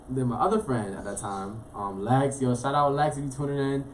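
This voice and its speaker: A young man from Florida, a guest telling his life story in a casual, animated way, full of street slang. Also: mid-range voice, slight background noise. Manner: fast, animated, streetwise slang, frequent "you know what I'm saying". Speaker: interview guest.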